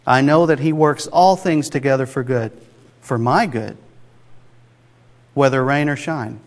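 Male preacher, mid-pitched, chatty but emphatic sermon delivery, long hall reverb. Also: a little slow. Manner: conversational, emphatic, rhetorical asides.

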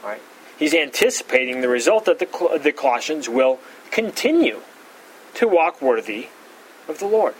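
A man with a fairly high voice leads a verse-by-verse Bible study. He hammers key words with sudden jumps in pitch and often backs up to restart a phrase. A faint hum of room noise sits under his voice. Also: very animated, normal speed, rough recording. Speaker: Bible teacher.

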